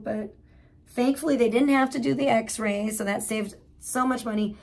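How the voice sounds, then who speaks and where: A woman's voice: on the high side, fairly even intonation, moderate pace, darkish tone. A woman hosting a livestream, giving blunt, profane commentary in casual, rambling talk. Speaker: livestream host.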